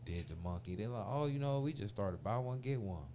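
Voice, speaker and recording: A man in his forties with a lowish voice talks briskly, with few pauses and slight background noise, through a long casual story. He swears, uses lots of slang, and animatedly voices the characters.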